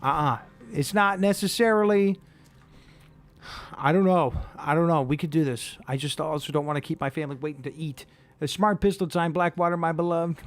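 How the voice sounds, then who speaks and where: A man's voice: fairly high pitch, moderate pace. A man commentating casually while he plays a shooter game. He rambles, jokes and swears freely. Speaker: streamer.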